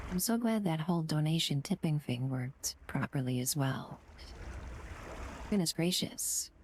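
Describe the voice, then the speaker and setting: A woman streaming from home, chatting casually with her viewers, often slipping into breathy whispered asides and gushing thank-yous. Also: sits low, expressive, measured pace, a little mellow, slight background noise. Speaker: live streamer. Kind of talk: casual chat with live viewers.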